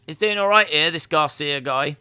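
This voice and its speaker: A man's voice: a little high, normal speed, sharp tone, clean tone. A man hosting a live stream, reacting to wrestling in casual commentary, joking and answering chat messages. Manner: jokey, reads out and answers chat.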